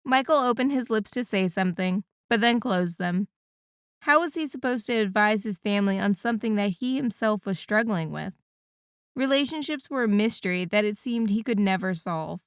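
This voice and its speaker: Smooth-voiced woman narrating an audiobook. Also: mid-range voice, no room sound, studio quality. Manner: even, measured reading. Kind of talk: scripted narration.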